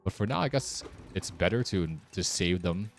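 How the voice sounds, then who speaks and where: A man's voice: sits low, lively intonation, moderate pace. A man streaming a game with casual, wry commentary, muttering sarcastic asides to himself.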